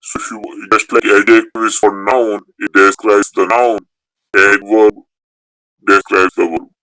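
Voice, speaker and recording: A male language teacher with a lowish voice and a bright, forceful tone, taking questions in an online class. He explains methodically, restarting words as he goes. The sound is dry and close. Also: flat delivery, unhurried, no room sound, poor audio.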